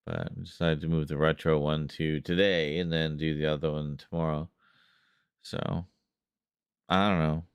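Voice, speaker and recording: A man's voice: rumbling low, little pitch movement, moderate pace, creaky, clean tone, no room sound. A man hosting a livestream, chatting casually with viewers, reading their messages aloud and laughing often. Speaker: livestream host.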